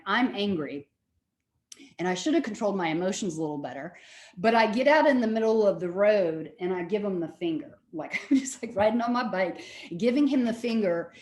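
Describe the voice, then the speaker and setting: Woman lecturer, lively storyteller, mid-pitched voice, roomy echo. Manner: animated storytelling with repetitions. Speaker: lecturer and therapist. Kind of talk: recorded lecture.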